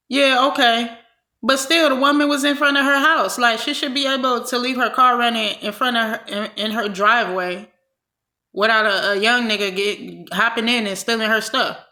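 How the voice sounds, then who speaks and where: A woman's voice: on the high side, steady tone, moderate pace, sharp tone. Blunt vlogger woman in a roomy space. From California. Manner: blunt, exasperated, talks straight to viewers. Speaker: vlogger commenting on a clip. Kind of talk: casual commentary to viewers. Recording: roomy echo.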